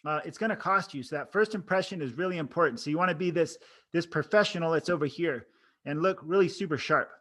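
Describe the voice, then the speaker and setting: This oral board coach speaks fast in a fairly high, fairly bright voice, addressing the camera in a casual teaching style. Along the way, he demonstrates different expressions and vocal tones.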